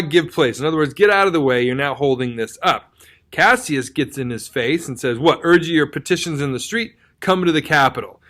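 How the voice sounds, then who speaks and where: Animated slangy male literature teacher. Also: fairly high pitch. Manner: animated, slangy, reads lines in quick put-on voices. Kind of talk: casual literature lesson.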